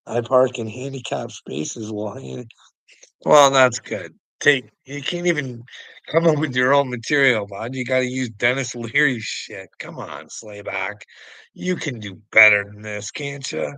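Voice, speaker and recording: A man with a gravelly, fry-laden voice and a sharp, forceful edge, ranting in a loose and profane way. He keeps chuckling at his critic, mocking him and calling him "bud". The sound is close and dry. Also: mid-range voice, dry recording, poor audio. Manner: mocking, chuckling often, calls the listener "bud"; profane and taunting. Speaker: vlogger answering a critic. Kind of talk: casual rambling rant.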